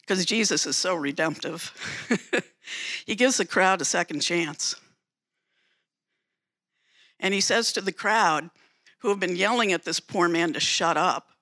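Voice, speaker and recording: A preacher delivers a sermon, telling the story with theatrical drama and returning again and again to emphatic phrases. The voice is bright and forward, and the pitch sits in a middle range.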